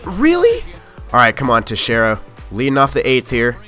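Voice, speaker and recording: Young man, gameplay commentary, excitable, frustrated outbursts, mid-pitched voice, soft background music. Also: brisk. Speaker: gaming YouTuber.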